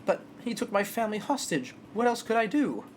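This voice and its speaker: A woman voicing a loud, over-the-top male detective with an exaggerated, jovial manner. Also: mid-range voice, sing-song, brisk, slight background noise, pitched above the performer's own voice, close to an everyday voice. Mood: pleading. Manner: boisterous, exaggerated.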